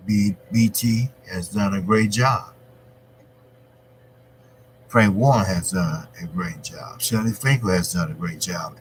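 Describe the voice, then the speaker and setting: A man hosting his own boxing channel, talking through a fight in a rambling, conversational way that grows animated when he argues a point. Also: low voice, a little hiss or hum, rough recording. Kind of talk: casual boxing commentary.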